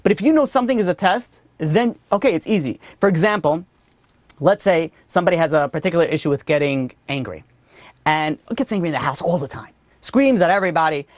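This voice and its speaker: A man teaching a religious class, telling a story in a lively way with many "you know" asides. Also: fairly high pitch, brisk, dry recording. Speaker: rabbi teaching a weekly class.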